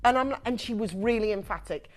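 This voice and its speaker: A woman's voice: fairly high pitch, fairly quick, faint music behind. A woman presenting on a shopping channel, chatty and emphatic in live sales patter. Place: TV studio.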